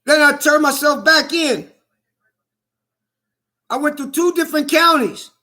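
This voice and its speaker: A man's voice: very high voice, unhurried, bright, forceful tone. A man delivering a heated, indignant vlog monologue, repeating himself and swearing often. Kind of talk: angry personal vlog monologue.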